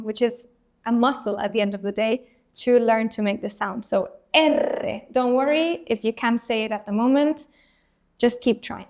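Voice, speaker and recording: A woman's voice: on the high side, a little mellow. A woman teaching a beginner language lesson, patiently modelling each letter for the learner to repeat and reassuring them along the way. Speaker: Spanish teacher.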